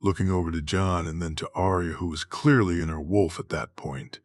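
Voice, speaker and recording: A man narrates a fantasy story in a low, husky voice, unhurried and measured. The recording is dry and close, with no room sound. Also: fairly even intonation, dry recording. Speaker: audiobook narrator. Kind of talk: slow, even reading of fantasy fan fiction.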